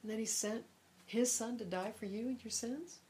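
A calm, gentle man grieving on a flight speaks softly and steadily, as a woman quotes him in her story. His tone stays even and unhurried. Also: fairly high pitch, slight background noise, natural voice.

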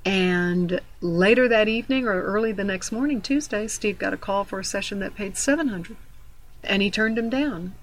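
A woman's voice: medium pitch, moderate pace, rough recording. A middle-aged woman giving a devotional teaching in an earnest, emphatic, conversational way, mixing in personal stories. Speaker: Christian devotional speaker.

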